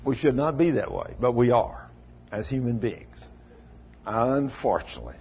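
A man's voice: mid-range voice, lively intonation, normal speed, breathy edge. A man preaching a folksy sermon, chuckling often and calling on congregation members by name. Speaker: pastor. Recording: dull lo-fi church recording.

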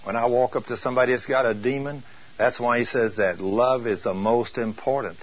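Husky-voiced preacher, emphatic sermon. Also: male voice, medium pitch, lo-fi sound. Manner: emphatic, drawls out scripture slowly.

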